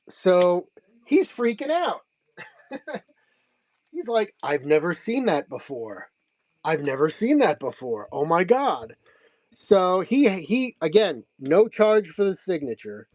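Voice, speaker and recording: A man's voice: on the high side, a little mellow, no room sound. A man casually showing off signed comics and prints, chatting and laughing as he tells the story, often repeating himself. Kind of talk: casual show-and-tell recap.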